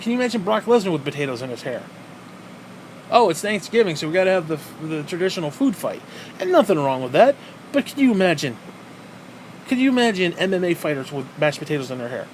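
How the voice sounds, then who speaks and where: A man's voice: sits high, a little hiss or hum. A man hosting a podcast alone, ranting with heavy profanity and mocking rhetorical questions, exasperated and sarcastic. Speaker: podcast host. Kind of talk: solo ranting podcast monologue.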